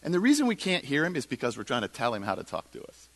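Animated, bright-voiced man preaching. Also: medium pitch, quick pace, vocal fry. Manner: animated storytelling, acting out dialogue. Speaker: pastor. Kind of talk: sermon.

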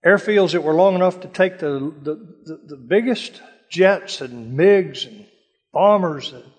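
An older man giving a dramatic sermon-style testimony, telling stories from his past with a hushed voice during the prayers. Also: on the high side. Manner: dramatic storytelling, drops to a hush for prayers. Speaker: speaker telling war stories. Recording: long hall reverb.

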